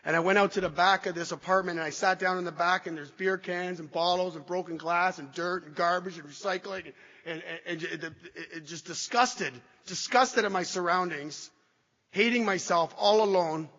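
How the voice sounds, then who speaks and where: A man giving an emotional recovery testimony to an audience, halting and restarting as he speaks. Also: sits high, steady tone, pushed and bright. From Canada. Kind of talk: personal testimony talk to an audience. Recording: dull echoey hall recording.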